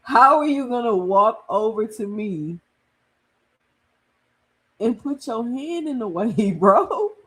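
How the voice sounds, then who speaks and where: A woman's voice: a little high, lively intonation, slow, pauses often, fairly bright tone. A woman hosting a live reaction stream, talking to her chat in disbelief and often laughing as she comments. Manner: incredulous, laughing, talks to chat. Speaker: boxing streamer host.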